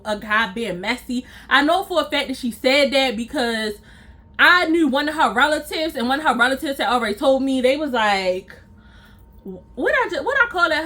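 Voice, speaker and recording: A woman vlogger tells a personal story straight to her viewers in a casual, lively way. Her voice is high and bright. She hammers points home by repeating them and slips into the voices of the people in the story. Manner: animated, repeats phrases for emphasis, acts out quoted lines.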